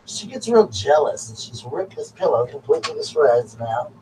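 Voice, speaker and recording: A man's voice: medium pitch, sing-song, normal speed. A man with a Southern US accent hosting a live call-in show, telling a story in a rambling way with lots of fillers. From South Carolina, US. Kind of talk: casual chat. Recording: distant mic with faint background noise.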